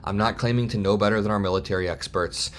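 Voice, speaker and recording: A man in his twenties giving heated, fast political commentary straight to camera. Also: fairly low pitch, steady tone, a little hiss or hum. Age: 20s. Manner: heated, fast, worked-up ranting.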